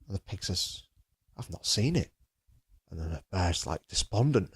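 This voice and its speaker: Deadpan podcast co-host. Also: male voice, moderate pace, husky. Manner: mock-serious, drops to a low murmur retelling a story. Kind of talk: deadpan comic podcast banter.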